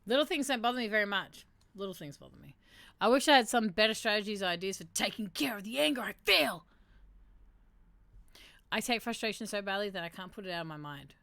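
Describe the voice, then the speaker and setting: A woman's voice: mid-range voice, lively intonation, quick pace, vocal fry, pushed and bright, no echo. Give me a woman hosting a casual livestream, reading quiz statements aloud and adding wry comments in a dry, dead room. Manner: reads quiz options aloud and adds wry asides, chatting with viewers. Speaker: livestream host.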